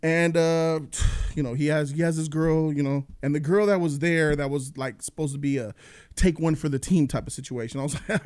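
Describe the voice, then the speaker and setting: A high-pitched man tears through a comedic movie review. He talks in an animated, profane rant and jumps into voices to act out the people in his stories. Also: brisk, clean tone. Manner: animated, profane, acts out quotes. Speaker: host.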